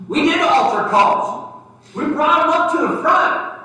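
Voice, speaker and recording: A man preaching a sermon, telling a personal story and acting out the dialogue, swinging between loud and soft. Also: very high voice, animated, measured pace. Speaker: pastor. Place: church sanctuary. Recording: very echoey church from far off.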